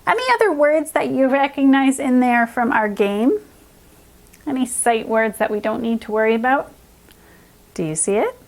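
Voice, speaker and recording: Woman, reading teacher, slow unhurried pace, slightly high voice, clear sounding-out of letters. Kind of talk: upbeat reading lesson for young children.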